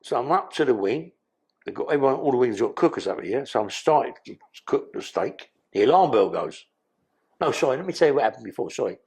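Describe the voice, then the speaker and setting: Gravelly man telling stories. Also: mid-range voice, animated, fast, darkish tone. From London. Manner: rambling, heavy swearing, street slang. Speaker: podcast guest. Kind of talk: casual storytelling.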